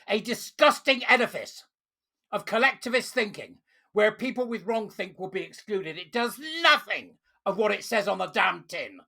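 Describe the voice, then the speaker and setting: Furious commentator, gravelly edge. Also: mid-range voice, moderate pace, bright, forceful tone. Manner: furious, ranting, emphatic. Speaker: online commentator. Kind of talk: angry opinion rant to camera.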